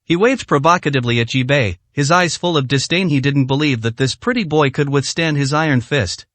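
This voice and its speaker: A man narrating a translated martial arts story in steady scripted storytelling. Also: fairly high pitch, brisk, no echo.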